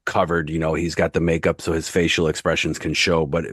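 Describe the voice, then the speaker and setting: Deep voiced guy host, rambly questions, dry sound. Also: little pitch movement, a little fast, fairly bright tone, breathy edge, dry recording. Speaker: podcast co-host. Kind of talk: casual interview questions.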